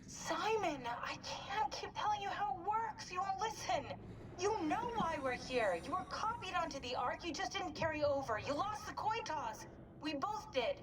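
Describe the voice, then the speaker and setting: An actress playing a calm, resigned woman survivor who explains patiently and turns sharp and blunt when pushed, in game audio. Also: very high voice, moderate pace. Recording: game audio, distant with loud ambient noise.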